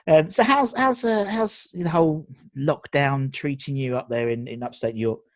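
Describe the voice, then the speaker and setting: A man's voice: mid-range voice, normal speed, no echo. A man from England, hosting a casual video interview, chatty, with frequent laughs and restarts. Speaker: podcast host.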